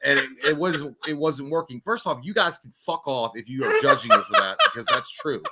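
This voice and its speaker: A man's voice: fairly high pitch, huge pitch swings, a little fast, heavy background noise. A man co-hosting a casual movie livestream, telling rambling crude stories with frequent stammers and restarts. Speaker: podcast co-host. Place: indoor studio.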